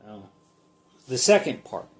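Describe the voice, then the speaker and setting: A man giving a casual Bible study, reading a passage in a halting way and then talking it through conversationally. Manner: slow, halting, reads then comments conversationally. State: sleepy, yawning.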